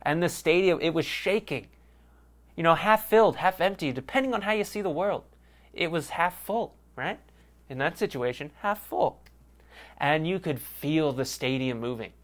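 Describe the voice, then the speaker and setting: A man's voice: on the high side, animated, moderate pace. A young man hosting a sports podcast, rambling in a casual, profane and self-mocking way. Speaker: podcast host.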